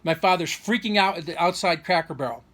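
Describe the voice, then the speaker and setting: Aggrieved, high-voiced man rambling. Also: fast talker, a bit bright. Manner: aggrieved, rambling, with many restarts and rhetorical questions. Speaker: vlogger. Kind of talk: personal storytelling monologue.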